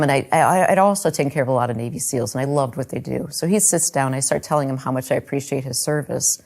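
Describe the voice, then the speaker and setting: A woman's voice: a bass voice, darkish tone. A middle-aged woman telling her faith testimony in an earnest, heartfelt storytelling way. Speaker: speaker giving a faith testimony.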